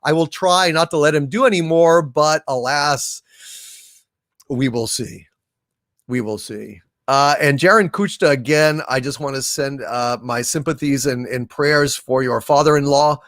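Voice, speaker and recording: A man hosting a live stream, reading super chats aloud in a casual, halting way with many fillers. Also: fairly high pitch, fairly bright tone, no room sound, clean studio sound. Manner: sings slowly.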